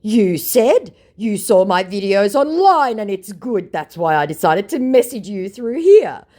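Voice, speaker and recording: A pushy online romance scammer, male, with a wheedling, overly sweet way of talking, as a woman puts him on. The voice sits high and loud, pushed well above a natural speaking pitch. It swings up and down with mocking exaggeration. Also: sing-song, measured pace.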